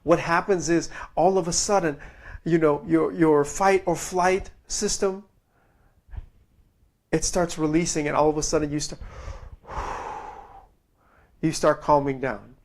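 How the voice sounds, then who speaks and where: A male preacher delivering a sermon, telling stories with animated swings between loud and hushed, and reading scripture in slow, drawn-out phrases. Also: a little high.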